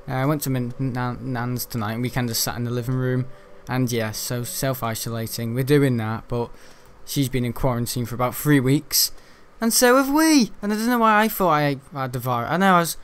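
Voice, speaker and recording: Chatty young guy, smooth voice. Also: mid-range voice, fairly quick, few pauses. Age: young adult. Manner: chatty and rambling, frequent mild swearing. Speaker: gaming YouTuber. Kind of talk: casual gameplay commentary.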